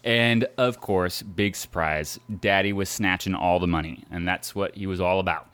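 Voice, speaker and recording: Low-voiced man telling a story animatedly. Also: moderate pace, smooth. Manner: animated storyteller, many fillers and asides. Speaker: podcast host. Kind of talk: casual chat, telling a history story.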